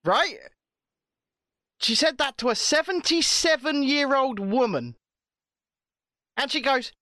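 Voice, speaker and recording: A British man telling a story in casual, animated chat, swearing often. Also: very high-pitched, takes it slowly, pauses often, no room sound, clean studio sound. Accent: British English.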